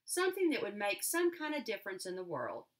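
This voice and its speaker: A woman's voice: mid-range voice, huge pitch swings, a little fast. A woman voicing a restless, wistful young girl who longs for freedom, speaking in an earnest, pleading way.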